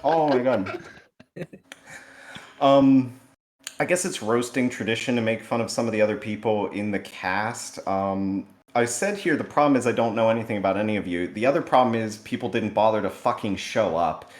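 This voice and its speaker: A man's voice: on the low side, fairly quick, few pauses, slight background noise. A man delivering a comedic roast with sarcastic, mock-earnest jokes and self-deprecating asides, recorded in a sparsely furnished new home. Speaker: roast participant. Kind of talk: comedic roast set over a video call. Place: newly moved-in, barely furnished home. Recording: echoey, sparsely furnished room.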